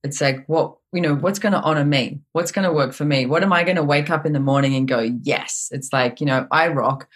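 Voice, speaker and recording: A woman guest and author in a casual podcast conversation. She tells stories in an animated way and often says "it's like.". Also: low-pitched, fast talker, few pauses. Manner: animated storytelling with frequent "it's like".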